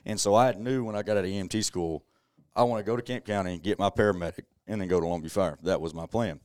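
Brief: a young man, low voice, earnest podcast guest sharing a personal story, close and dry. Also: fairly even intonation, quick pace, a little mellow, smooth, no room sound. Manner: earnest, conversational, many "you know"s.

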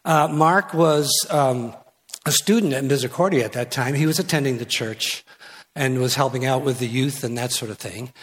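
A man's voice: medium pitch, moderate pace. An older man, a guest pastor, preaching a sermon from the pulpit of a church with teasing jokes and asides. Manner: jokey and teasing, with restarts and asides. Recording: long hall reverb in a church.

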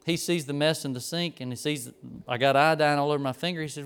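A middle-aged man preaching, telling a lively personal story and acting out the people in it. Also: on the high side, fast talker, clear, resonant tone. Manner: animated storyteller, acts out the people in his story. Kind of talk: storytelling sermon.

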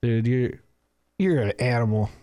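A man's voice: mid-range voice, moderate pace, smooth. A man co-hosting a podcast in casual, joking banter, acting out quotes as he tells stories. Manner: animated, jokey, acts out quotes. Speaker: podcast co-host.

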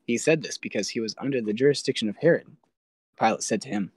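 A man reading an ancient religious text aloud in a solemn, measured way. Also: mid-range voice, no echo. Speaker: host reading ancient texts. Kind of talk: scripted scripture reading.

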